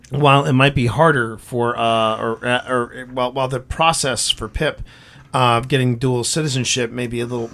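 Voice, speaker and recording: A man's voice: medium pitch, a bit bright. A man co-hosting a casual live-stream chat, chatty and emphatic, often repeating his words. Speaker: co-host.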